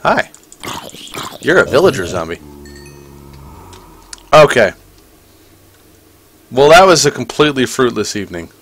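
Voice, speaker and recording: A man's voice: medium pitch, sing-song, a little slow, long pauses, a bit bright, slightly rough. A man casually commenting as he plays a video game, chatty and playful, talking to the creatures on screen. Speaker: gaming channel host. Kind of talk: casual let's-play commentary.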